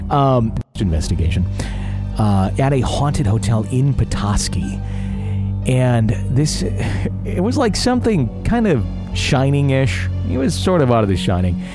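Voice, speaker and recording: Rambling male radio host, mid-pitched, chatty, with a music bed under him. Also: big pitch swings, measured pace. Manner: rambling, chatty, self-deprecating. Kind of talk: paranormal call-in talk radio.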